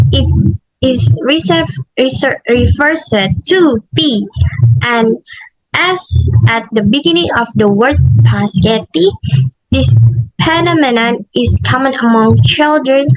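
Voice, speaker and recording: A woman's voice: sits high, dry recording, rough recording. A young woman with an Indonesian accent presenting a linguistics assignment, reading carefully and correcting herself as she goes. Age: young adult. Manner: slow, careful, with self-corrections and restarts. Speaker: student presenter.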